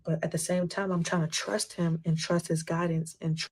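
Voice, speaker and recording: Low, flat-voiced woman recounting her story. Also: moderate pace. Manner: repeats phrases, often says "you know what I'm saying". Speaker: former group member giving testimony. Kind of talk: recounting personal story in interview.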